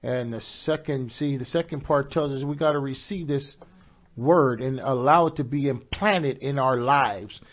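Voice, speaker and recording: A man preaching a sermon, calling to the congregation for responses and rising to shouts. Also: mid-range voice, normal speed, muffled recording. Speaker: pastor.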